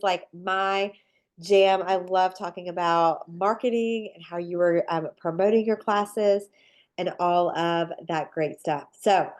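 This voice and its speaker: A woman's voice: mid-range voice, a little mellow. A woman with a nasal, stuffed-up voice from a sinus infection, hosting a live online cookie-decorating workshop in an upbeat, rambling, chatty way. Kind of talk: casual live webinar talk.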